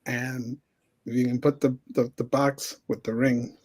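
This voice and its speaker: A man's voice: medium pitch, little pitch movement, unhurried, a little mellow. Hesitant man telling a story. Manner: hesitant, many fillers and restarts. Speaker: guest. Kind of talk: casual storytelling.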